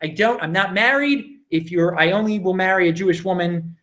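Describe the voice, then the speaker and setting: A man in his thirties from Baltimore, hosting a casual live Q&A at home, rambling and excitable with many restarts. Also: high voice, brisk. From Baltimore, USA. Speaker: livestream host answering viewer questions. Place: home, indoors.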